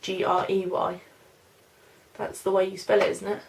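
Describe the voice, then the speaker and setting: Vlogger, woman in her twenties, London-Norfolk accent; mid-pitched with a bit of fry, rambling and unsure in a casual question-and-answer chat. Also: little pitch movement, normal speed, slight background noise. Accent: mix of London and Norfolk English. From London, England. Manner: rambling, hesitant, many fillers and "I don't know". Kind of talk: casual Q&A vlog, reading questions aloud.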